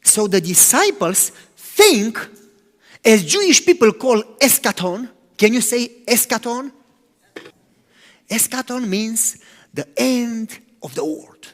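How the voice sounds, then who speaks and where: A man preaching a sermon as pastor, animated, swinging from loud to hushed. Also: very high-pitched, slow. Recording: long hall reverb.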